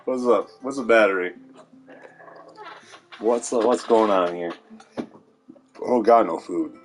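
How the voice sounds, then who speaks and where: A man's voice: lowish voice, takes it slowly, soft background music. A man rambling to viewers in a sardonic monologue, swearing and laughing at his own jokes. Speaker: vlogger.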